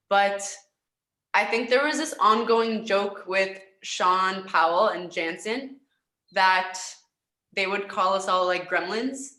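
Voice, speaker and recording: A woman's voice: mid-range voice, sharp tone, roomy sound. A young Canadian woman, a volleyball player, chatting in an upbeat, giggly way in an interview. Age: young adult. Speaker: guest, professional volleyball player. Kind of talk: casual interview chat.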